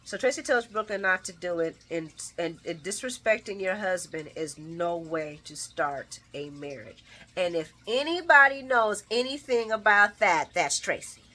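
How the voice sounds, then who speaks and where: A woman hosting a casual soap opera recap, chatty and expressive, laughing as she talks and tossing slangy asides to her viewers. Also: lowish voice. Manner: laughs often while talking.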